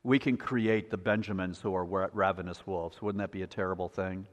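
A male pastor preaching a sermon with a repetitive cadence, building up and then dropping to a quiet, low delivery. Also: steady tone, fairly quick. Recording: long hall reverb.

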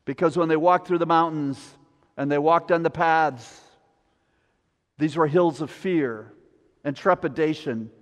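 A pastor from Wisconsin preaching a sermon to his congregation, lively and rising to near-shouts on the prayers. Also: on the high side, a little slow, long pauses, big-room sound.

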